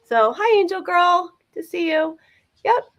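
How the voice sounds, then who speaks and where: A woman's voice: very high voice, very animated, measured pace, highs cut off, a little hiss or hum. A woman co-hosting a live vintage sale, chatting enthusiastically as she describes items. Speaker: vintage seller co-host.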